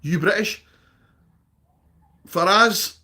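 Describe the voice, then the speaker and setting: A man's voice: high voice, extremely slow, bright, forceful tone. A Scottish man chatting casually on a live stream, reading out viewer comments and answering them. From Scotland.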